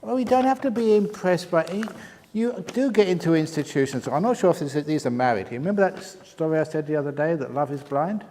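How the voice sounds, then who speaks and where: Older monk guy cracking jokes at a retreat q&a, fairly high voice, big hall echo. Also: fast talker, warm tone. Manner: jokey, laughs at his own jokes, reads out written questions. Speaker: Buddhist monk answering retreat questions. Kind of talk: humorous Q&A talk.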